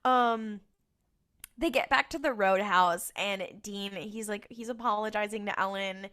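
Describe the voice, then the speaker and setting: A woman's voice: medium pitch, unhurried, a bit bright, clear, resonant tone. Chatty woman recapping a TV episode. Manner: chatty storyteller who acts out lines. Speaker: podcast co-host.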